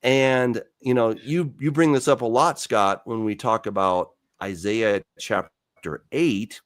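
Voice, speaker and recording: A man's voice: mid-range voice, slow pace, no echo, studio quality. A man, a Bible teacher and author, explaining scripture in conversation. He tells the stories with animation, acts out dialogue, and often restarts with fillers. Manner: animated storyteller who acts out quoted dialogue.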